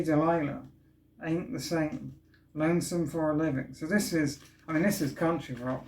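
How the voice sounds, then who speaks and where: Guy chatting away while he unboxes records, keen and rambly, slightly high pitched. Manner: chatty and enthusiastic, often trails off and restarts. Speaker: vlog host unboxing vinyl records. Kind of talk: casual unboxing chat. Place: indoors at home, street works outside. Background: faint building work noise from outside.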